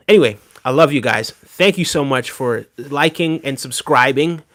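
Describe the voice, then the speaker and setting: A man's voice: medium pitch, a little slow, fairly bright tone. A man hosting a live stream, chatting casually with viewers, reading their comments and ranting heatedly with lots of fillers. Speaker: livestream host.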